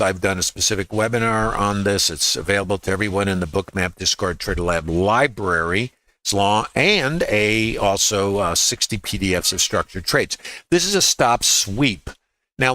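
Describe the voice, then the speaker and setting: A man's voice: lowish voice, pushed and bright, no echo, rough recording. A man walking through live trading charts as a trading educator, emphatic, repeating key words and asking rhetorical questions.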